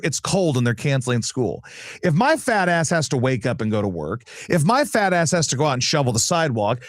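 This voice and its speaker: A man's voice: a little high, no echo, clean studio sound. A male show host ranting casually, profane, exasperated and sarcastic. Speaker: radio and live-stream host.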